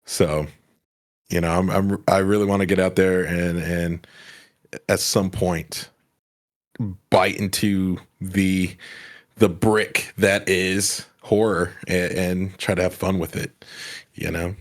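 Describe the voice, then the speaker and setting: A man chatting casually as a podcast guest, telling a story with lively energy and acting out lines along the way. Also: sits low, slow pace. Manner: animated storytelling, acts out lines. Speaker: podcast guest, comedy sketch creator.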